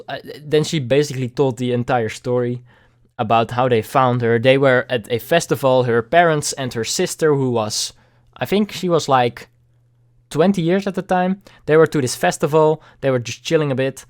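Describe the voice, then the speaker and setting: Young guy vlogging a heavy personal story, stumbles and repeats himself, swears casually, average pitch. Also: moderate pace.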